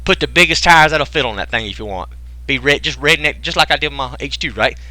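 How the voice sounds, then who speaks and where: A man's voice: mid-range voice, quick pace, pushed and bright, no room sound. A man hosting an online sales webinar, joking around and firing off rhetorical questions in folksy slang. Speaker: webinar host pitching a business program. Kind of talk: casual sales pitch to a live online audience.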